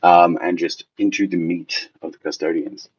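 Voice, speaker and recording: Male co-host, very low husky voice, dull lo-fi mic, hesitant reader. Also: fairly even intonation. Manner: halting, stumbles over names, self-mocking. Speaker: podcast co-host. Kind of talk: casual chat reading out army names.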